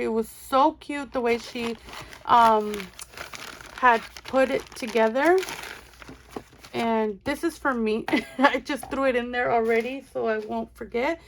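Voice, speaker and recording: High-voiced, slow-talking gushing woman. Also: a little hiss or hum. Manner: gushing, excitable, calls viewers friends. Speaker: budgeting channel host. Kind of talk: casual unboxing chat.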